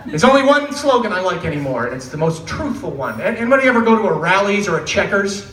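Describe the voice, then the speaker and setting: A man doing a stand-up comedy set in a club, sarcastic and animated, laughing and swearing as he talks. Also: high voice, fast talker, few pauses, a loud crowd. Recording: roomy club sound from a distant mic, with noise.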